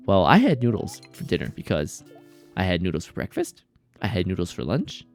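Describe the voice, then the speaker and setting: A man's voice: deep voice, huge pitch swings, a little fast, soft background music. A man streaming a game, chatting casually in a rambling, jokey way and reacting to chat.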